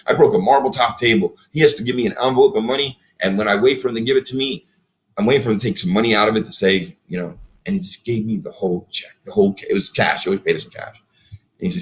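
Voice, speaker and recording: A man's voice: lowish voice, rapid-fire. A man, a podcast guest telling stories in casual chat and acting out the people he quotes. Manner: animated storyteller, acts out quotes.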